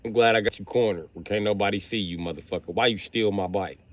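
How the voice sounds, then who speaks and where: A man's voice: lowish voice, quick pace, a little hiss or hum. A man telling a profane comic story on a livestream, acting out the people in it. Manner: animated, acts out voices. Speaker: livestream host.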